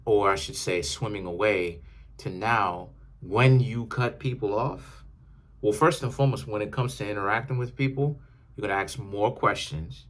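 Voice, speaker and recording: Low-voiced man giving a rambling tarot reading. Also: moderate pace, fairly bright tone. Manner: rambling, self-correcting, conversational. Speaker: tarot reader. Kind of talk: casual tarot reading monologue.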